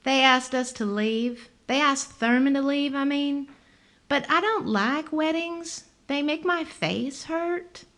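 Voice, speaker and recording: A woman voicing a weary, sardonic woman in a bar, with a soft bell-like voice. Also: high-pitched, slow pace, pitched above the performer's own voice. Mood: rueful.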